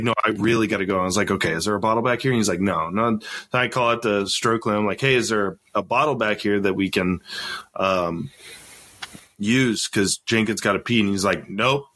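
A podcast host with a fairly low, brisk male voice swaps army stories in a relaxed chat. He's animated and laughs often, acting out the voices of the people he quotes.

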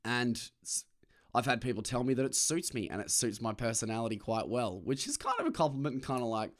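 A man's voice: mid-range voice, big pitch swings, a little fast. A young Australian man hosting a casual podcast from his car, ranting and swearing freely, and putting on other people's voices. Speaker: podcast host. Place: parked car.

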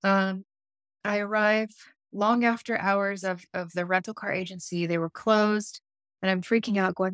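Animated woman, dry close sound. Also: mid-range voice, measured pace, dry recording. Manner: animated, acts out dialogue in her stories; frequent self-restarts and fillers. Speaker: intuitive life coach. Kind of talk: podcast interview storytelling.

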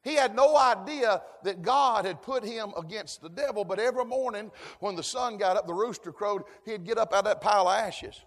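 A man preaching a folksy sermon, calling for amens and building to shouts. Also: high voice, brisk, few pauses. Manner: folksy, call-and-response, rising to shouts. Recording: long hall reverb.

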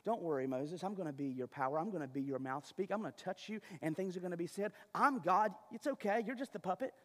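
A man voicing God as a calm, commanding deity who speaks in a low, quiet, steady voice. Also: takes it slowly, vocal fry, long reverb tail. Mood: reassuring.

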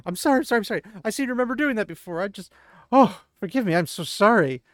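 Courtly old minstrel, male, eager to please, read by a man, slightly high pitch. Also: lively intonation, quick pace, fairly bright tone, no echo, clean studio sound.

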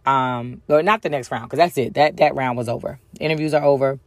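A woman's voice: very deep voice, steady tone, a little fast, dry recording. A woman telling a personal story in a casual way, with lots of ums and acted-out bits of dialogue. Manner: chatty, frequent ums, acts out other people's lines.

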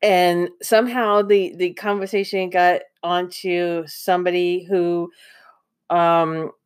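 A woman's voice: on the low side, level tone, slow pace, clean tone. A woman casually telling a personal anecdote, often breaking into laughter and poking fun at herself. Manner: giggly, self-mocking, often laughs mid-sentence. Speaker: podcast host. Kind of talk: casual storytelling monologue.

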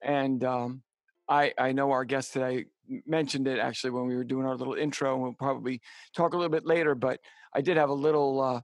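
A middle-aged man co-hosting a podcast, telling a personal story in a halting, heartfelt way with many fillers and restarts. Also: medium pitch, little pitch movement, dry recording. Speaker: podcast co-host. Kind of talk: casual storytelling chat.

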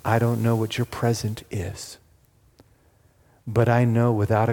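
A man preaching a sermon, telling a story dramatically and dropping to a hushed, pleading tone. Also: mid-range voice, steady tone, unhurried, long pauses. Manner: dramatic, swings from loud acted quotes to hushed pleading. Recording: long hall reverb.

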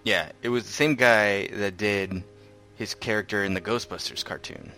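A man's voice: on the low side, moderate pace, bright, forceful tone, soft background music. A man in a casual chat who jokes, laughs often and tells stories.

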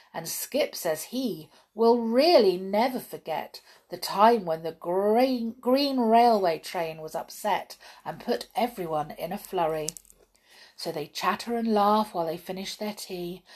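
A woman reading a children's fairy tale aloud in a gentle, expressive storytelling manner. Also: mid-range voice. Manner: gentle, expressive reading with lively dialogue voices.

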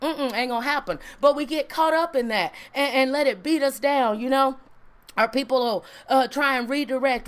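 A woman with a high voice preaches a Bible lesson. She talks in a relaxed way and keeps asking her listeners questions, then answers them herself. She often checks in with a quick "right?". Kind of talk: sermon, Bible teaching.

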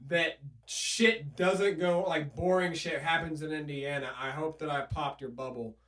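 A man hosting a podcast in casual chat, loud and laughing, swearing freely. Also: a little high, steady tone, unhurried, roomy sound, distant mic. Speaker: podcast host.

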